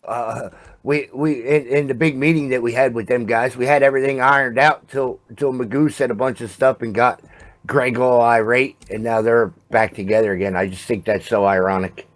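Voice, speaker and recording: A man's voice: mid-range voice, fairly even intonation, moderate pace. A man in a casual group chat about a racing league, plain-spoken and a little wry.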